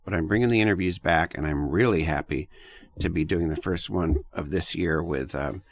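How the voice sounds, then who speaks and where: A man hosting an interview podcast, speaking in a friendly, halting way with frequent self-corrections. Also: deep voice, no room sound. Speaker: podcast host. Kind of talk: casual interview chat.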